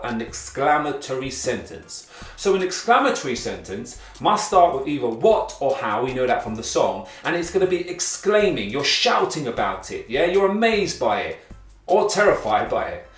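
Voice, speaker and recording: A man hosting a kids' grammar lesson, talking to the class in an energetic, encouraging way. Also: mid-range voice, echoey room, far from the mic. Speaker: rapping teacher and show host. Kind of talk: upbeat grammar lesson for kids.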